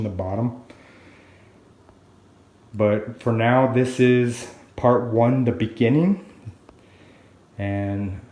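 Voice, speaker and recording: Man, hobbyist video diarist, slow and easy delivery, mellow low voice, echoey workshop. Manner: slow, unhurried and chatty. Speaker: hobbyist woodworker vlogger. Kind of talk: casual video diary. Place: workshop room, alone.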